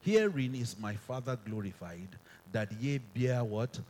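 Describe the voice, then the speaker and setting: A man's voice: mid-range voice, unhurried, a little mellow, a little hiss or hum. Man preaching with call-and-response. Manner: call-and-response, often asks the crowd to finish verses; repeats and restarts phrases for emphasis. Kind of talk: sermon. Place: stage in a hall.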